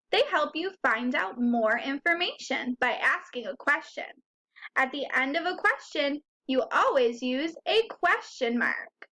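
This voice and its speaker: A woman teaching a first grade phonics lesson, who sounds out words slowly and clearly and asks the children questions. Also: high voice, sharp tone.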